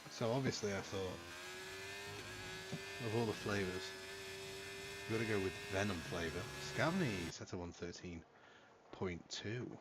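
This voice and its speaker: A man's voice: deep voice, measured pace, pauses often, heavy background noise. A man casually streaming and commentating a sim racing league, cheeky and swearing constantly. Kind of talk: casual livestream chat. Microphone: headset.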